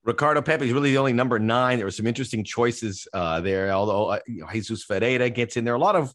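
A man hosting a casual soccer podcast, chatting and laughing easily with his guest, with quick asides. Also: medium pitch, fairly bright tone, dry recording, clean studio sound. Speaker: podcast host.

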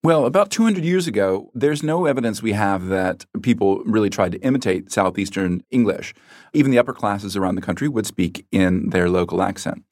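An American man answering interview questions as a guest expert, in a measured, explanatory way with small self-corrections. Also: fairly low pitch, animated, darkish tone, dry recording, studio quality. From United States.

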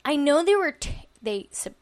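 High-voiced chatty woman co-host. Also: big pitch swings, normal speed, a little mellow. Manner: chatty, jokey, trails off mid-sentence. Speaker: podcast co-host. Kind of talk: casual chat.

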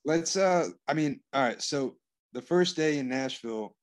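A man's voice: on the high side, animated, moderate pace. A man co-hosting a podcast, talking bluntly in casual banter with plenty of swearing. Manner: blunt, profane, defensive banter. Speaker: podcast co-host. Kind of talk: casual chat.

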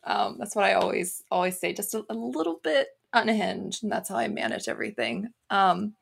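An American woman talking as a guest on a podcast, bubbly and quick to laugh. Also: mid-range voice, vocal fry, breathy edge. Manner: bubbly, laughs often, many fillers. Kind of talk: casual interview chat.

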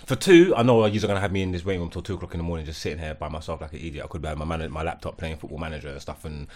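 A man telling a story in slangy casual chat on a podcast, getting animated as he goes. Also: a bass voice, very fast. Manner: animated slangy storytelling, rising when worked up. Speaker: podcast co-host.

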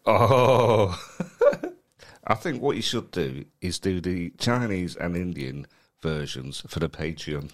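Low-voiced teasing English man. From England. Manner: teasing, cheeky, quick with mocking jokes. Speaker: co-host. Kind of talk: casual comedy podcast chat.

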